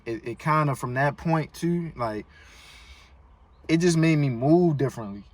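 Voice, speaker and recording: A man's voice: fairly high pitch, animated, a little slow, no room sound. A man hosting a casual interview, speaking in a laid-back, sympathetic, slangy way. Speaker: host. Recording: distant mic with faint noise.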